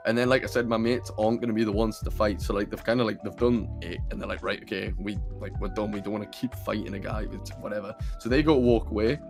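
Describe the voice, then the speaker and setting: Over background music, a young man hosting a podcast rambles through a casual story, swearing and using plenty of fillers. His voice sits on the low side with fairly even intonation, and he talks fast with hardly any pauses. The mic is a computer camera mic.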